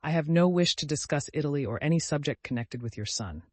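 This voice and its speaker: A man's voice: fairly high pitch, expressive, fast talker, a little mellow, no room sound. A man voicing a proper, flustered young English woman in a clipped, slightly raised voice. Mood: cold.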